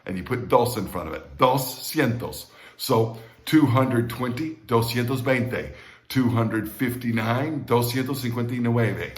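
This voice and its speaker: A man teaching Spanish numbers in a recorded lesson, patiently repeating each word slowly and checking in with the learner. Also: mid-range voice, reverberant.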